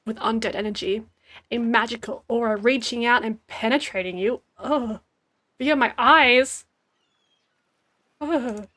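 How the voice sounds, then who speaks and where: A woman's voice: on the high side, fairly bright tone. An Australian woman in her twenties, a game streamer reading a dating game aloud with giggly, wry asides. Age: 20s.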